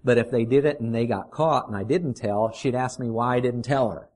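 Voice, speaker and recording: A middle-aged man preaching a sermon, earnest, putting questions to the congregation and slowing down to stress his points. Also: mid-range voice, darkish tone. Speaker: pastor.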